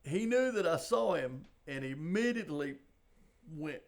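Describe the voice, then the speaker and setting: Gravelly older man telling a story. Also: on the high side, lively intonation. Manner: halting, conversational, fond of "you know". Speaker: guest, police sergeant. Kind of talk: storytelling in a podcast interview.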